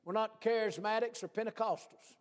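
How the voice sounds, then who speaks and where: High-voiced preacher, booming hall. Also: male voice, brisk. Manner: folksy, animated, swings from hushed to shouting. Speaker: pastor. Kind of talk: sermon. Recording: long hall reverb.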